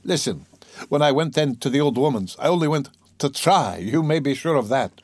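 A man's voice: fairly high pitch, lively intonation, moderate pace, no echo, voice pushed up. A man reading aloud, voicing a tormented young man who speaks bitterly and defiantly. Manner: brooding, bitter, bursting into agitated outcries. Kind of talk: audiobook reading.

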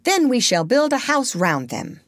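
Peter, a woman doing a bossy high-voiced boy captain. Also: wildly swooping pitch, moderate pace, gravelly, no room sound, exaggerated voice. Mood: commanding. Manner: bright, eager, commanding. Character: bossy boyish boy captain, eager and commanding.

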